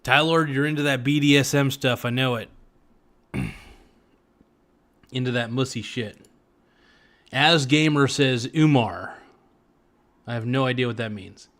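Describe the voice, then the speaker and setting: A man's voice: mid-range voice, unhurried, long pauses, fairly bright tone. A man as a podcast guest in casual chat, crude, joking and rambling.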